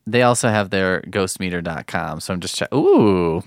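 Brief: lower-pitched male host, animated and mocking, dry recording. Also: moderate pace, no echo. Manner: mocking, incredulous. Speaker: host reacting to online videos. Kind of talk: sarcastic reaction commentary.

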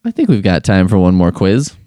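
A man's voice: deep voice, wildly swooping pitch, fairly quick, mellow, no room sound, clean studio sound. A man hosting a comedic solo podcast, giving crude, sarcastic and exasperated running commentary as he takes a quiz. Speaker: podcast host.

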